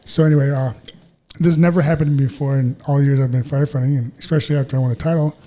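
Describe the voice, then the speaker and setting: A man's voice: mid-range voice, fairly even intonation, warm tone. A middle-aged man telling stories in a laid-back casual chat as a podcast co-host. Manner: storytelling, laid-back, quick.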